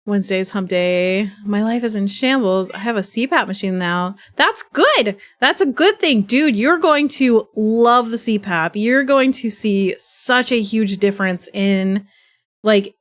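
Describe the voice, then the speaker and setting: A young woman livestreaming tells a chaotic story in casual chat, rambling, profane and animated. Her voice is medium-pitched and unhurried, and her nose is stuffy from sneezing.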